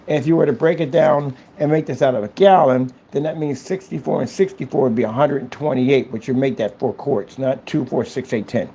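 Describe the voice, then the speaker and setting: Gravelly, dark-voiced man rambling casually. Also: mid-range voice, fairly even intonation, brisk, few pauses. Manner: rambling, thinks aloud, mocks critics. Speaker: small business owner. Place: indoor business premises.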